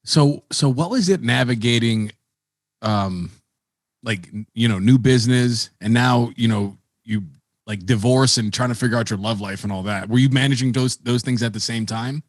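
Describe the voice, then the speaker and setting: A man's voice: mid-range voice, moderate pace, no echo, studio quality. A man hosting a podcast, chatting casually with frequent stammers and restarts, now and then swearing. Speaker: podcast host. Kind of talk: casual chat.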